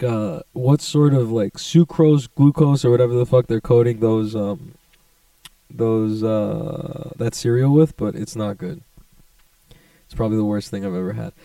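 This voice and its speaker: A man's voice: medium pitch, no echo, recorded from a distance. Profane laid-back young man rambling. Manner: profane, laid-back, chatty with sudden excited jumps. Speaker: vlogger. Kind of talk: casual rambling monologue.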